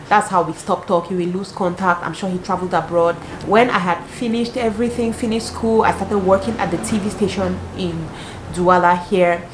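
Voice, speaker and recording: Animated young Cameroonian woman storyteller. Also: on the low side, moderate pace, a little hiss or hum. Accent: Cameroonian English. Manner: animated, dramatic retelling with exclamations. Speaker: vlogger. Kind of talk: casual storytelling. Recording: roomy echo, faint ambience.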